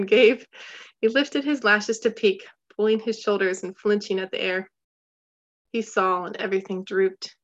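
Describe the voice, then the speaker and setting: A woman's voice: mid-range voice, lo-fi sound. Woman narrating a storybook. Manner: steady, measured, slows for tension. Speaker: audiobook narrator.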